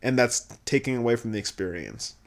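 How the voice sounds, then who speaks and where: A man giving a casual, profane recap, blunt and exasperated, swinging between low muttering and loud outbursts. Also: animated, a little fast. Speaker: video creator reviewing a game.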